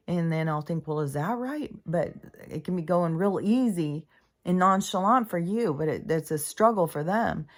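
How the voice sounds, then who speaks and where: A middle-aged woman vlogging about spirituality in a meandering, casual monologue, full of fillers and swearing. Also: sits low.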